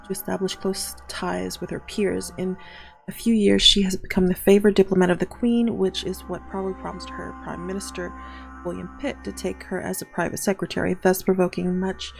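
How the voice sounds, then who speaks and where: A woman's voice: lowish voice, flat delivery, moderate pace, gravelly, faint music behind. A woman hosting a let's play, reading on-screen game text aloud and breaking off into exasperated asides. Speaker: gaming channel host.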